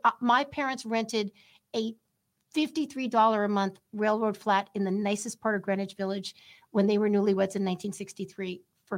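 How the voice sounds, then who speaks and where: A woman's voice: on the high side, steady tone, moderate pace. A middle-aged woman from the United States, talking casually as a guest, with lots of fillers and asides. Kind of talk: casual conversation.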